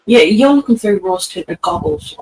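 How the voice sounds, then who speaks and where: A man's voice: sits high, expressive, normal speed, background noise. A man co-hosting a casual livestream, reading viewer comments aloud with frequent chuckles. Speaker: co-host reading viewer chat.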